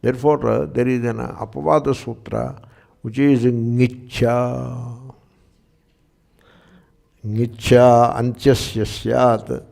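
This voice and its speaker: An older man with an Indian English accent gives a patient, explanatory lecture, pausing to check that his listeners follow. His voice has a gravelly edge. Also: mid-range voice, level tone, darkish tone. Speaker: Sanskrit teacher. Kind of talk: lecture on scripture and grammar.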